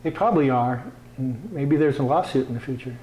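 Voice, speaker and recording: A man's voice: mid-range voice, fairly quick, warm tone. A man chatting casually as a guest, easygoing and chiming in with short remarks. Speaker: customer and guest. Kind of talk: casual chat. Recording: roomy echo, faint room noise.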